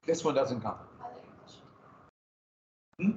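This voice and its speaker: A man's voice: mid-range voice, expressive, slow pace, a little mellow, recorded from a distance, slight background noise. A man teaching a history class in a casual lecture, with joking asides and dramatic emphasis. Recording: echoey, muffled classroom recording from afar.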